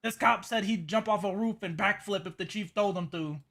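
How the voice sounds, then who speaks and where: A man's voice: high-pitched, normal speed, gravelly, a bit bright. A man telling a rambling in-character story in a roleplay, stammering and repeating himself. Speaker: roleplay character giving a statement. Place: game voice chat.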